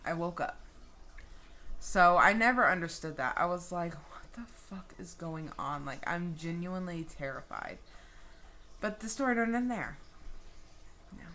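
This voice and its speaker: A woman vlogger telling a personal story in a casual, animated way, swearing freely. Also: on the low side.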